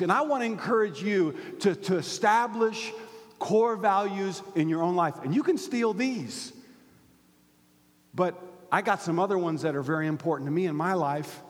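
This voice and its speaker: A man preaching a sermon as pastor, swinging from loud emphatic peaks to hushed near-whispers. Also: high voice. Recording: hall reverb.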